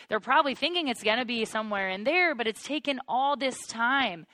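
A woman's voice: on the high side, brisk, few pauses, no room sound. A woman teaching through the Bible in an earnest, personal way, calling listeners "you guys" as her wonder grows. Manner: earnest, builds to excited wonder. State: choked up with emotion.

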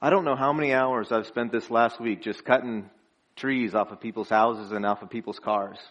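A man's voice: mid-range voice, steady tone, moderate pace, fairly bright tone, lo-fi sound. A young man preaching a conversational sermon as pastor, earnest and storytelling, chuckling between phrases.

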